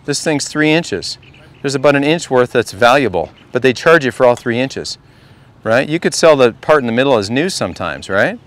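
Chatty golf coach, smooth clear voice. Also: male voice, medium pitch, expressive, moderate pace. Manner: conversational, keeps asking the group questions. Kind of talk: outdoor golf clinic talk to a group. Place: outdoor golf practice range.

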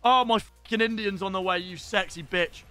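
Excitable young streamer, high and bright, casual and sweary, quiet music in the background. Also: male voice, moderate pace. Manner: excitable, shouts at pack pulls, swears. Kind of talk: casual live-stream chat.

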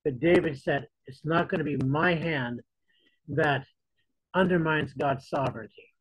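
A man delivers a conversational sermon, retelling scripture in plain modern words. His voice sits a little high and sounds husky. The recording is dry and close. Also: a little slow, dry recording, low-quality recording. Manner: conversational preaching, paraphrases scripture in casual modern voice. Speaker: Bible teacher.

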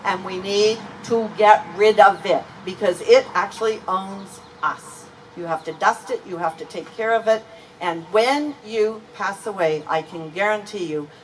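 A woman pastor preaching a sermon in a church, earnest and emphatic, leaning on key words. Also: medium pitch. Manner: earnest, emphatic preaching with slow deliberate stresses. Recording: voice from a distance with faint ambient noise.

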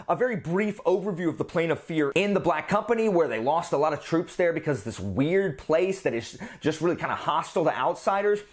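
A man talks through a casual book review on his vlog in a rambling, animated way. His voice sits a little high for a man. His pitch swings widely as he explains.

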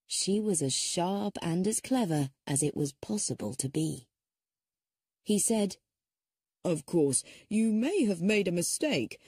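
A woman narrating a mystery audiobook with a clear, expressive reading. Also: fairly low pitch, no room sound, clean studio sound. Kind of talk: scripted story narration.

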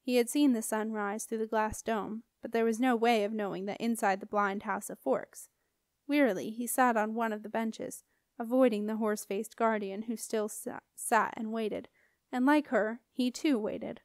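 A woman reading a children's fantasy novel aloud in a calm, even way. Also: a little high, moderate pace, dry recording, studio quality. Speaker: audiobook reader. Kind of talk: scripted audiobook narration.

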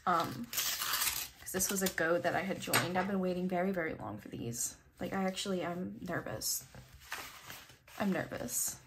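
A young woman with a nasal voice, chatting casually while unboxing her mail, excitable, gushing and swearing freely. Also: medium pitch, slight background noise. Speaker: kpop photocard collector vlogger.

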